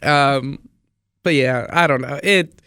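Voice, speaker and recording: Taking it slowly, a young podcast host who also DJs on radio rambles enthusiastically through a casual solo monologue, repeating himself as he goes. His medium-pitched voice is bright and forceful, recorded at studio quality with no room sound.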